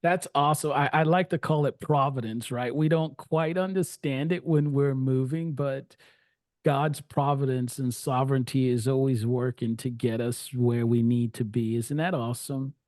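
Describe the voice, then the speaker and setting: A man's voice: mid-range voice, steady tone, moderate pace, a little mellow, no room sound, clean studio sound. A man hosting an interview, upbeat and affirming, giving many short backchannel replies. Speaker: interviewer host.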